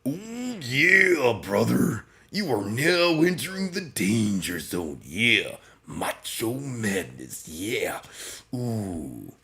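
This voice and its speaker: A man's voice: medium pitch, very animated, sharp tone, pitched above the performer's own voice, exaggerated voice. A man on a livestream doing a wrestler impression, growling and drawn out. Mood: hyped. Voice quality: gravelly. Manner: growling, drawn-out hype delivery. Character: gravelly over-the-top wrestler impression, grown man. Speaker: streamer.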